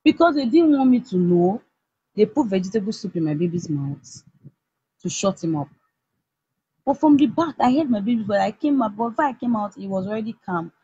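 A young Nigerian woman with a husky voice, heatedly retelling a personal story with many restarts. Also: mid-range voice, lively intonation, fairly quick, dark tone. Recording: dull lo-fi recording.

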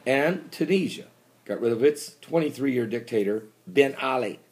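A man hosting a prophecy commentary show, preaching with emphasis and bursting into shouts. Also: medium pitch, lively intonation, moderate pace.

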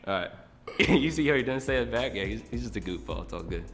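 A young man chats casually, offhand and joking between laughs. Music plays clearly underneath him. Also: mid-range voice, lively intonation, fairly quick. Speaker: street interviewee calling his dad. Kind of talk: casual chat.

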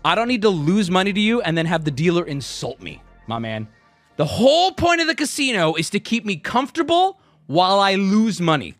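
His voice high and his delivery brisk, a man in his thirties animatedly recounts a casual tale full of swearing and acted-out quotes. The recording is dry, with faint music underneath.

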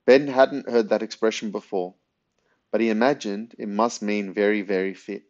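Low-voiced man reading a storybook. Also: fairly even intonation, normal speed, darkish tone. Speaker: narrator. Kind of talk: audiobook reading of a children's novel. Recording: dull lo-fi recording.

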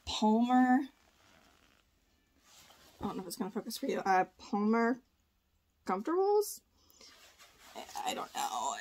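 Chatty pregnant woman reseller. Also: medium pitch. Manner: chatty, thinking aloud, frequent "like" and "uh". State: heavily pregnant, a little short of breath. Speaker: part-time online reseller. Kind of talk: casual thrift haul vlog. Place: indoor room at home, seated before camera.

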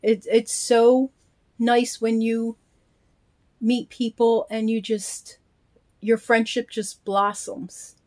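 Slow, heartfelt woman vlogger. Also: a little high, level tone, a little mellow. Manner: slow, heartfelt, gushing with thanks. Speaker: reborn doll vlogger. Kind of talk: casual chat, unboxing.

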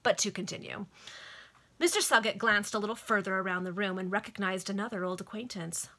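Bright-voiced woman reading a Victorian novel aloud. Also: medium pitch, fairly quick. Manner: lively amateur reading with laughs at the text. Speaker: reader. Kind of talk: casual read-aloud among friends. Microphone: video call.

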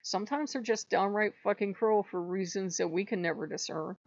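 An agitated woman rants close to the mic, her voice gravelly with fry. She is near tears, repeats herself and swears freely. The sound is dull and dry, with no room around it. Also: mid-range voice, fairly quick, darkish tone, no echo. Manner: upset, venting, swears often, rambling with repeats. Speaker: channel host. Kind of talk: emotional personal vlog rant.

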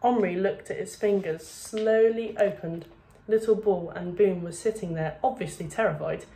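A woman's voice: medium pitch, moderate pace, mellow. A woman, a primary school teacher reading a children's novel aloud to her class.

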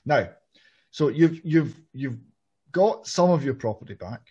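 A man from Scotland, hosting an interview and speaking in a measured, analytical way. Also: a little high, lively intonation, dark tone, breathy edge. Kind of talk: political interview. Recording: muffled lo-fi audio.

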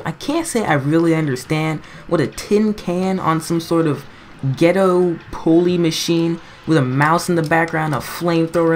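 A woman's voice: deep voice, a little hiss or hum. A woman giving rambling, self-mocking gameplay commentary, breaking into frantic yelps when things go wrong. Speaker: gaming commentator.

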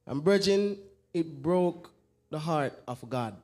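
Brief: man, church brother preaching encouragement, earnest, fairly high voice. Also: animated, darkish tone. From Jamaica. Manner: earnest, repeatedly addresses the brethren, reads scripture slowly. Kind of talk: sermon exhortation.

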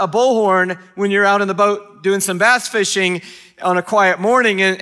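A man's voice: high-pitched, bright, forceful tone, smooth. A man preaching a sermon as a pastor, in a conversational, humorous storytelling way with frequent restarts.

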